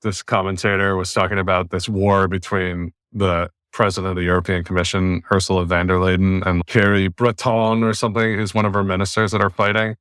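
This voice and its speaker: A man from the United States hosting a podcast, giving blunt, opinionated views in casual discussion, often with animated rants. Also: low-pitched, fairly quick, hardly any pauses, clean tone, dry recording, studio quality. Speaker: podcast host.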